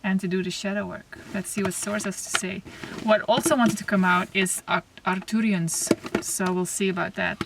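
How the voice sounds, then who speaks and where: Lady doing a gentle card reading, kinda far from the mic, bit of background hiss. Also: mid-range voice, steady tone, gravelly. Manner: soft, reflective, pauses and restarts. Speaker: oracle card reader. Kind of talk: spiritual card reading to camera. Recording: slightly distant mic, faint noise.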